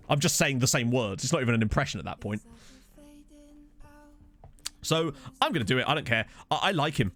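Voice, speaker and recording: A man's voice: medium pitch, lively intonation, brisk, long pauses, fairly bright tone, soft background music. A man streaming a football management game, chatting casually and joking with his viewers over a desk microphone. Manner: chatty, jokey, answers viewers' chat. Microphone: desk USB condenser microphone.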